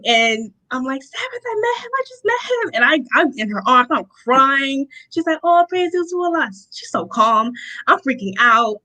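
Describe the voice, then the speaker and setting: A young woman from Rochester, New York, giving a personal testimony as an interview guest, telling her story in an animated way and acting out the lines of the people in it. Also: medium pitch, rough recording. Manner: animated storytelling, acts out quotes, laughs often.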